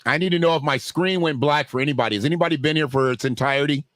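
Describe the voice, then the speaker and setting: A man hosts a casual livestream, riffing in a loose, joking way and addressing his viewers directly. His voice sits a little high for a man. It is recorded dry and close, with no room sound. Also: rapid-fire, fairly bright tone, no echo. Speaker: livestream host.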